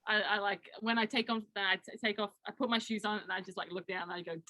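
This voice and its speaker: A woman's voice: mid-range voice, fairly even intonation, fast, bright, forceful tone, dry recording. Young aussie woman, giggly and chatty, talking over a video call. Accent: Australian. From Australia. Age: young adult. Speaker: college basketball player. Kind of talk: casual interview chat.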